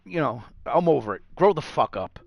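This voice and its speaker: Profane ranting New man, gravelly. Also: fairly high pitch, lively intonation, normal speed, dry recording, muffled recording. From New York. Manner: heated, profane ranting with mocking put-on voices. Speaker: gaming vlogger. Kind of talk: angry rant to camera.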